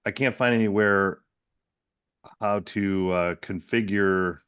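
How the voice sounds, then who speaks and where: A man's voice: on the low side, steady tone, slow pace, a bit bright, smooth, no room sound. A man hosting a technical webinar who relays audience questions politely and offers brief affirmations. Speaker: host.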